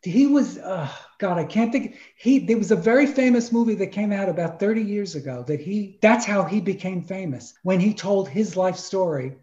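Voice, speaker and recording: A man's voice: high voice, normal speed, few pauses, a little mellow. Emphatic New man telling stories. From Brooklyn, New York. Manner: emphatic, exclamatory, spells out names. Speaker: podcast guest. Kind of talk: animated personal storytelling. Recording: roomy, dull sound.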